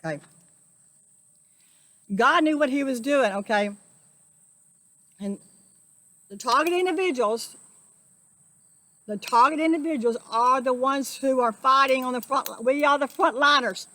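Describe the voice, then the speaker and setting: A woman's voice: high-pitched, measured pace, pauses often, bright, forceful tone. A woman giving an earnest, emotional spiritual monologue, preaching and repeating herself. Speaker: spiritual vlogger.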